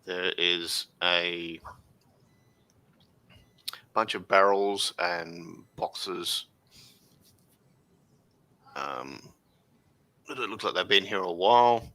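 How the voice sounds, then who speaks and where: Game master, male, deep with a raspy edge, laid-back rambling delivery. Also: sing-song, very slow, pauses often, sharp tone. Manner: loose, rambling narration with fillers. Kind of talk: narrating a tabletop game.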